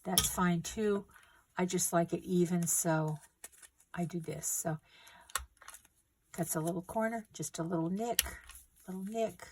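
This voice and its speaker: A middle-aged woman with a slightly low voice gives gentle, unhurried instructions for a paper craft. A faint hiss sits behind her as she works on the table. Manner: gentle, unhurried instructions while working with hands. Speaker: craft tutorial host. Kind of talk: step-by-step craft demonstration.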